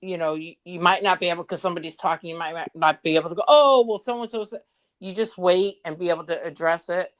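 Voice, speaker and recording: A woman's voice: fairly low pitch, flat delivery, quick pace, few pauses. A woman chatting on a group live stream, hesitant and trailing off mid-thought. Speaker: stream participant.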